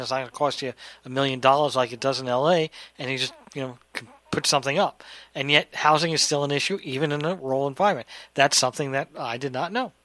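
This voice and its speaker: Bright, chatty New Yorker radio host. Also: male voice, a little high, no room sound, rough recording. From New York. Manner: jokey, chatty, teasing. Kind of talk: casual radio talk show chat. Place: radio studio.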